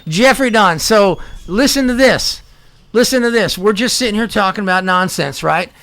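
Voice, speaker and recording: A man co-hosting a small local radio show, chatting and joking excitedly, laughing often. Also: sits high, normal speed. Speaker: radio co-host. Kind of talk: casual radio banter.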